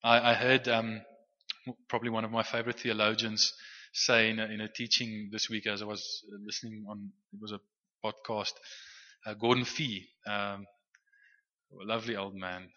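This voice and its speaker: Male preacher, very bright tone, casual teaching delivery full of restarts, muffled hall recording. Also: on the low side, flat delivery, normal speed. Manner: conversational with frequent restarts and stammered repeats. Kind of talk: sermon teaching. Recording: muffled sound with long hall reverb.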